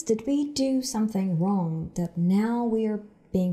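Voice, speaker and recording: A woman teaching English from sitcom clips, explaining phrases slowly and repeating them for learners. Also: mid-range voice, expressive, dark tone. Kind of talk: explaining language lesson.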